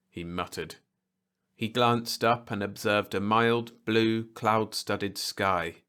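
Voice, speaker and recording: A man reading a science fiction bedtime story aloud in an expressive, animated way. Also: fairly low pitch, takes it slowly, clean tone. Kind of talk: scripted narration of a bedtime story.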